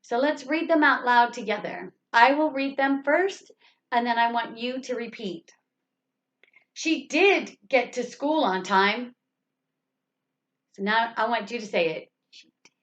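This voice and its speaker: A woman teaching an English grammar lesson, reading example sentences slowly and leaning hard on the stressed words. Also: fairly high pitch, fairly bright tone. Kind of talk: slow, deliberate grammar lesson. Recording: dull, lo-fi recording.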